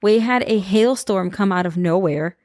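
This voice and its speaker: A woman's voice: medium pitch, moderate pace, a little mellow, dry recording, clean studio sound. A woman guest on a podcast, telling a personal story in casual conversation and acting out the people she quotes.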